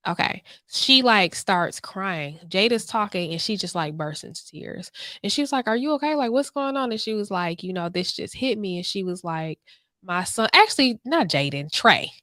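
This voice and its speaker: A woman co-hosting a podcast retells stories with gusto and acts out the people she quotes. Her voice is bright and forceful, and the recording is dry and close. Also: fairly low pitch, moderate pace, no room sound. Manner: animated storyteller, acts out quotes. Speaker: podcast co-host. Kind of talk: casual chat.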